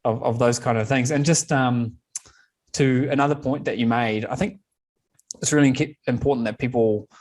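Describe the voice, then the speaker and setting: A male host chatting in an interview with a steady, conversational flow. His pitch sits in the middle range. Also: normal speed. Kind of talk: casual interview chat.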